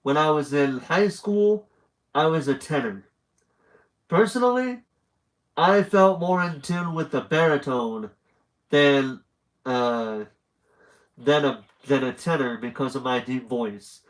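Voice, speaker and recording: A man's voice: mid-range voice, takes it slowly, poor audio. A young man with a slightly nasal voice, reading a horror story aloud on a live stream and stopping to chat between passages. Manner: chatty, rambling asides between story passages.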